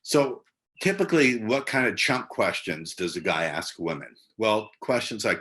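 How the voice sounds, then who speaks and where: A man in his sixties giving casual instruction as a dating coach from a side room at home, blunt and profane, slowing into a hypnotic cadence for his examples. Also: lowish voice, animated, fairly bright tone. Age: 60s.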